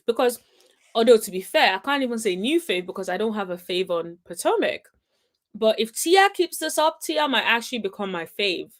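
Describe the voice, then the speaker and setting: A woman's voice: on the high side, very animated, normal speed, fairly bright tone. A woman hosting a reality TV recap, reacting to clips in a chatty, sassy way and humming "mm-mm-mm" in approval. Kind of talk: casual commentary on show clips.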